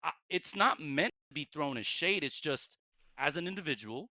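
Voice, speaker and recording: A man's voice: a little high, animated, moderate pace, bright, forceful tone, dry recording. A man talking bluntly and directly on a casual podcast, explaining himself with emphasis.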